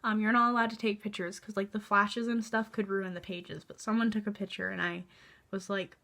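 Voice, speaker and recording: Bright sarcastic young woman reviewer. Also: mid-range voice, level tone, fairly quick, creaky. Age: young adult. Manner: sarcastic, exasperated, swearing; chatty, lots of fillers. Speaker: book reviewer. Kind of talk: casual vlog review.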